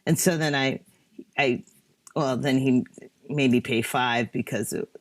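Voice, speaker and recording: A woman photographer telling a personal story in a talk, halting and emotional, with many fillers and restarts. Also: rumbling low, steady tone. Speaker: photographer guest speaker.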